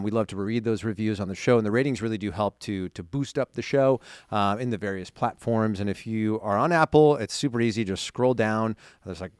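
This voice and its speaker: A man hosting a podcast in casual chat, upbeat with quick reactions and asides. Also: fairly low pitch, clear, resonant tone, no echo, clean studio sound. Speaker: podcast host.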